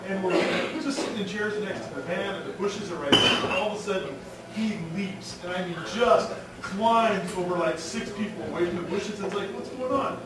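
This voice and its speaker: High-voiced man telling a family story. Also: fairly quick, few pauses, over a noisy crowd. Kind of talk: casual storytelling at a gathering. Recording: far-off mic in an echoey crowded room.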